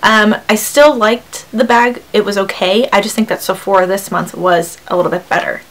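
A young woman chats her way through a beauty unboxing in a loose, upbeat manner. Her talk is casual, full of ums and likes. Her voice sits at a middle pitch for a woman. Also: normal speed, a bit bright, slight background noise, poor audio. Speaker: beauty vlogger.

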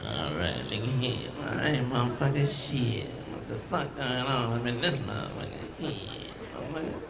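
A man doing crowd work in live stand-up, loud and profane as he teases people in the audience. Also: medium pitch, sing-song, moderate pace, vocal fry. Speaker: stand-up comedian. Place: large comedy venue with live audience. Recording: echoey live hall with room noise.

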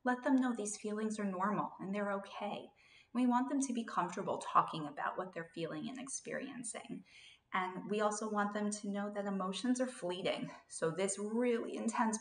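A woman in her thirties explains a parenting technique in a calm, steady instructional talk, now and then acting out what a parent might say. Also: mid-range voice, normal speed, reverberant. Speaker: parenting educator.

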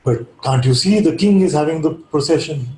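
A man's voice: a little high, animated, brisk, darkish tone, a little hiss or hum, voice pushed up, natural voice. A man voicing an irritated, proud villager who scorns a beggar in a spoken parable, in an echoey room. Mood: irritated scornful. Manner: scornful, impatient.

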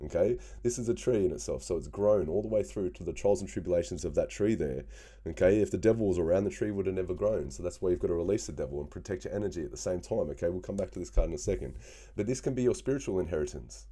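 A man's voice: low voice, fast talker, dark tone, husky. A man giving a casual tarot reading, often checking in with "okay?" and "yeah?" as he explains the cards. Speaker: tarot reader.

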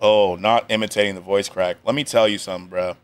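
A man's voice: fairly low pitch, fairly even intonation, fast. Young guy streamer riffing on a video, slangy and jokey, laughs a lot. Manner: joking, slangy, laughs often. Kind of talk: casual reaction commentary.

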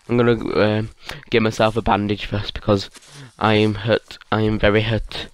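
A man's voice: on the low side, monotone, normal speed, hardly any pauses, clean tone. Sleepy rambling young man gaming. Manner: sleepy, rambling, easily startled. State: half asleep. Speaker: gaming YouTuber. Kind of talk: casual gameplay commentary.

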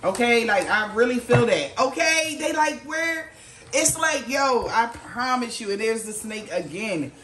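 A woman's voice: animated, unhurried, few pauses, reverberant, noisy background. A woman giving a casual tarot reading, slangy and swearing freely, acting out what others might say. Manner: slangy, swears, quotes people in lowered voice. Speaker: tarot reader.

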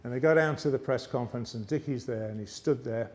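An English man giving a motivational speech on stage, telling a lively story and slipping into other people's voices. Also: mid-range voice, quick pace, slight background noise. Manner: lively yarn-spinning with character voices. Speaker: motivational speaker. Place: arts centre stage, live audience.

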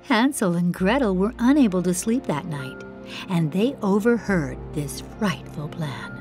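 A woman storyteller reading a children's fairytale aloud. She is playful and expressive, letting her pitch rise and fall widely. She takes her time over every line. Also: measured pace, faint music behind.

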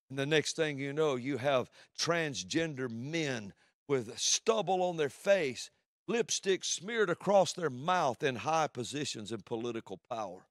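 A man preaching a sermon from the pulpit, swinging between loud declarations and hushed, low passages. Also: dry recording, studio quality.

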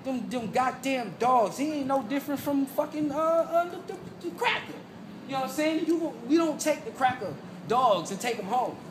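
Over background music, a host delivers an emphatic, profane street rant in a very high, animated voice at normal speed. He repeats himself and keeps checking in with listeners, saying "you know what I'm saying."

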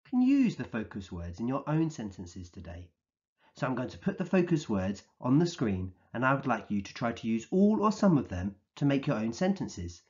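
A man teaching a recorded vocabulary lesson for young children, speaking slowly and clearly in an encouraging way and acting out the words he defines. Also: mid-range voice, big pitch swings, darkish tone, lo-fi sound. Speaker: early years teacher.

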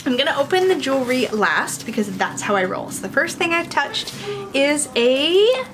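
Bubbly, sing-song woman with a high voice. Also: moderate pace, music in the background, rough recording. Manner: excitable, sing-song, giggly. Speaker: tarot reader and video host. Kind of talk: casual unboxing vlog.

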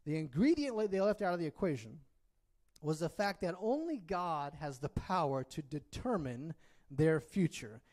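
A man's voice: on the high side, sing-song, normal speed, darkish tone. A man preaching a sermon in a conversational way, often checking in with his listeners and delivering it expressively. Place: church.

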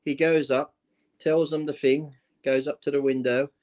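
A man co-hosting a podcast, telling relaxed anecdotes with mild swearing. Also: mid-range voice, normal speed. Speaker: podcast co-host. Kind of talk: casual storytelling.

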